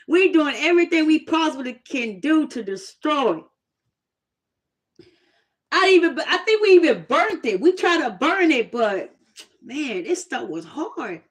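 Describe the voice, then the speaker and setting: A woman casually telling a personal testimony story, animated and plain-spoken, laughing often. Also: sits high, unhurried. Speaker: host sharing a testimony.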